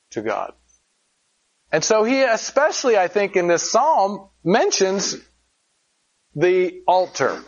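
A man's voice: a little high, lo-fi sound. A man preaching a sermon in a conversational way, asking rhetorical questions and telling stories with animation. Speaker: pastor.

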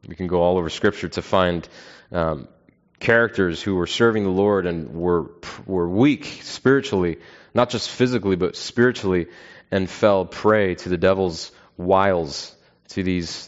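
Man, preacher, earnest sermon, deep voice, halting fillers, muffled lo-fi sound. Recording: dull, lo-fi sound.

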